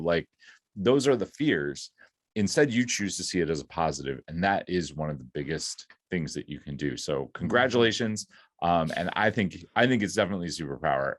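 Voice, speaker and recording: Deep-voiced man hosting a chatty interview. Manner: encouraging, chatty, thinks aloud with fillers. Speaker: podcast host. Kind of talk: conversational interview.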